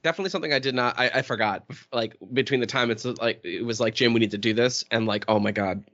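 A man with a bright, forceful voice riffing on a podcast, cursing freely and laughing easily. The audio is muffled and lo-fi. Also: medium pitch, fast talker. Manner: profane, emphatic and laughing. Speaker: podcast co-host. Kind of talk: casual chat.

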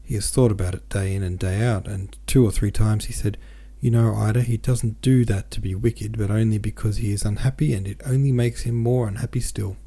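Male audiobook reader, low gravelly voice, dark tone, gentle and steady. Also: fairly quick, hardly any pauses. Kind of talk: novel read aloud.

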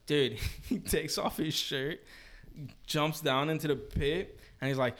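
Young male podcast co-host, bright and slightly high voice, slangy animated storyteller. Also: takes it slowly. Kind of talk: casual chat.

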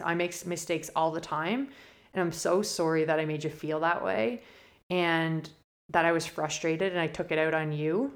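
A middle-aged woman podcast host giving a candid, rambling personal monologue, near tears at times. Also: deep voice. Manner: candid, emotional, rambling with many fillers and restarts. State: close to tears.

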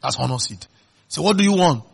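A male pastor with a Nigerian accent preaching a sermon. He keeps asking the congregation questions and swings between loud emphatic bursts and quiet, low asides. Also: animated, a little fast, vocal fry, slightly rough. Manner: call-and-response questions to the congregation.

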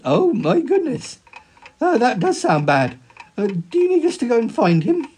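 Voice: mid-range voice, huge pitch swings, normal speed, a little mellow, slightly rough. A performer doing a startled, hesitant friend. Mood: concerned.

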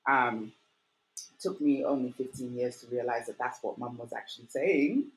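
Low-voiced woman telling a lively personal story. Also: moderate pace, low-quality recording. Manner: animated, acts out quoted voices, many fillers like "like" and "you know". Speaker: guest.

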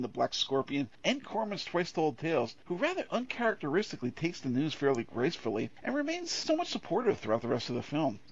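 A man's voice: medium pitch, muffled recording. A man co-hosting a casual film review podcast, sardonic, opinionated and freely profane. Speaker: podcast co-host.

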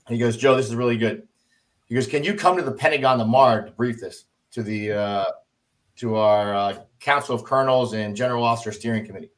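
A middle-aged former army officer tells stories from his military days in a casual, conversational exchange. His mid-register voice jumps higher whenever he acts out someone else's words, lending the account a lively, theatrical energy.

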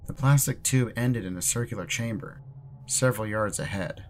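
A low-pitched man reads a horror story in the first person. His delivery is measured and ominous, with faint music underneath. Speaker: narrator. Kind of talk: scripted horror narration.

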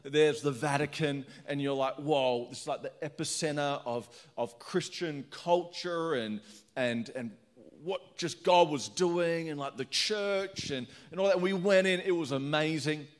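A middle-aged man from Australia preaching a sermon, energetic and chatty, telling stories with laughs. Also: a little high, measured pace. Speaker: pastor.

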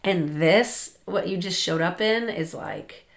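Woman host, voice gone hoarse and raspy, lowish pitch, chatty and laughing, roomy echo. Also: slow pace. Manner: chatty, laughs often, many fillers. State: hoarse, lost voice. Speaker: podcast host and coach. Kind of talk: casual podcast monologue.

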